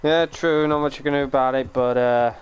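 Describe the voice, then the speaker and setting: A man's voice: mid-range voice, steady tone, fairly quick, smooth. Chatty young British man streaming. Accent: British English. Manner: rambling, chatty, swears casually, laughs often. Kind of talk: casual chat on a game stream.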